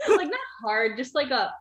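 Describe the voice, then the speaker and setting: A woman's voice: high-pitched, dull audio. Playful, giggly woman player. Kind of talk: tabletop role-play.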